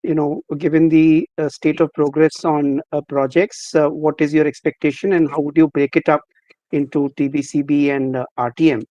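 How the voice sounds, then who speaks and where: A male analyst asks his question in a flat, methodical way. His pitch is somewhat high and barely moves. The line sounds dry and dull. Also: normal speed, dry recording. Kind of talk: earnings call question.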